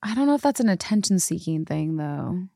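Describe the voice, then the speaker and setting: Low-voiced laid-back woman co-host. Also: sing-song, a little fast, creaky, mellow, dry recording, studio quality. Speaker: guest co-host. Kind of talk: casual chat.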